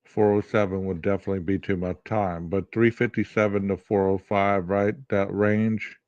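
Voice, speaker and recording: Man, low voice, podcast host, early-morning rasp, rhetorical and argumentative, dry dull audio. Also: level tone, moderate pace, darkish tone, no echo. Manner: argumentative, asks rhetorical questions. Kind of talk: casual true-crime commentary.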